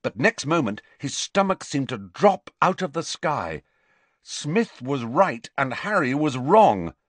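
A male audiobook narrator tells the story with dramatic energy. His pitch swings widely from line to line. The recording is dry and close, with no room sound. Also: takes it slowly, dry recording. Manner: animated, dramatic reading. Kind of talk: scripted narration.

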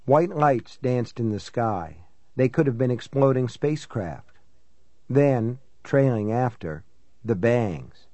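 A man's voice: mid-range voice, animated, warm tone, no echo. Man reading a novel, dry and close. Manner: measured, reflective reading. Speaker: audiobook narrator. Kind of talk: first-person novel narration.

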